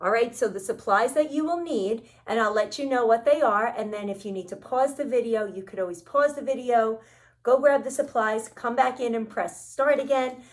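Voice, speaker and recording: A woman librarian leading a children's story time, talking slowly and cheerfully to young children. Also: on the high side. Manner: slow, cheerful teacherly talk to young children. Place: library program room. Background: backing music of a children's song.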